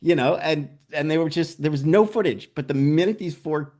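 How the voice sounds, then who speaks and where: In an interview, a male documentary director with a voice on the high side talks at normal speed about his filmmaking experiences. He's an energetic storyteller who acts out the voices of people he met, peppering his speech with "like" and "you know."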